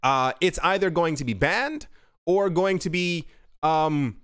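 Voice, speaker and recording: A man's voice: fairly high pitch, measured pace, fairly bright tone, clear, resonant tone, no room sound, studio quality. A man hosting a crypto news show, reading out articles and adding rambling, self-correcting asides.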